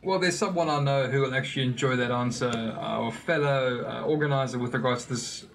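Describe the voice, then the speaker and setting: A man's voice: mid-range voice, brisk, vocal fry, slight background noise. A man hosting a podcast who speaks in an upbeat, friendly way. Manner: upbeat, friendly, says "dude" a lot. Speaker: podcast host. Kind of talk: casual podcast chat.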